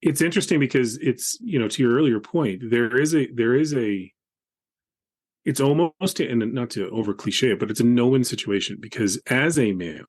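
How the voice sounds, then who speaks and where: A man co-hosting a podcast, speaking in a measured, thoughtful way with hesitant restarts. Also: mid-range voice. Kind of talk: casual conversation.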